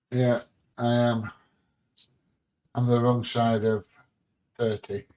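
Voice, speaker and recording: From his home in England, a livestream host with a mid-range, darkish voice reads viewer comments in a casual, blunt manner. He jokes and swears mildly, and the audio comes across dull and lo-fi.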